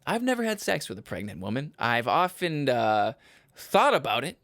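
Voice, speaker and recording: A young man from Michigan's Upper Peninsula hosting his own podcast, rambling and cutting himself off, laughing at his own jokes and breaking into loud yells. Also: mid-range voice, big pitch swings, moderate pace, dry recording. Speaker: podcast host. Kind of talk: casual solo podcast chat.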